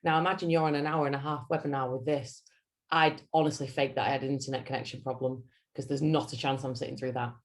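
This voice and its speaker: With an extremely low pitch and a fast pace, a Yorkshire-accented coach leads a lunch-and-learn on public speaking. Her style is dramatic and animated, the voice swinging widely.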